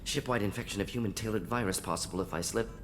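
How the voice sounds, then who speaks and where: A man's voice: on the low side, quick pace, fairly bright tone, slight background noise, lightly acted. An actor playing a brusque male alien scientist in a video game, with clipped, terse lines. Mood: busy, curt.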